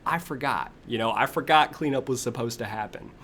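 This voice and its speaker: Young male streamer, casual chat, animated delivery with faint room noise; mid-pitched. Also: fairly quick. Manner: animated storyteller, imitates kids in a high voice, laughs often. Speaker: livestream host.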